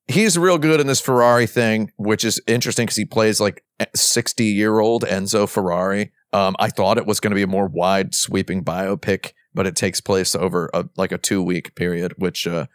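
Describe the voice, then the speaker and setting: A man's voice: deep voice, dry recording, clean studio sound. A man chatting casually on a podcast, rambling enthusiastically with plenty of fillers, restarts and self-deprecating jokes. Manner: jokey, self-deprecating asides. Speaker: podcast panelist. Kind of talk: casual chat.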